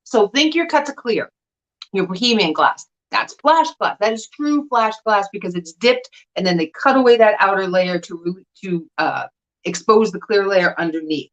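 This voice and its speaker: A woman's voice: mid-range voice, expressive, normal speed, rough recording. A woman hosting a casual live stream, explaining things to her viewers in a chatty way with asides. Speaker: host of a live vintage sale. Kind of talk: casual livestream chat.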